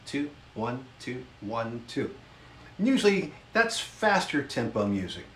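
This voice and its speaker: A man's voice: medium pitch, a bit bright, slight background noise. A man teaching a beginner music lesson, counting beats patiently and explaining time signatures. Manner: slow, patient counting along while strumming. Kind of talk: instructional lesson with demonstrations. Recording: roomy sound with instrument playing.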